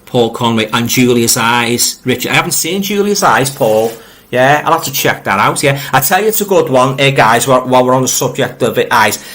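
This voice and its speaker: A middle-aged Liverpudlian hosts a casual live stream, reading out viewer comments and speaking to his audience in a friendly, direct way. His medium-pitched, slightly bright voice moves fairly quickly with lively intonation as he rambles, often repeating words when restarting.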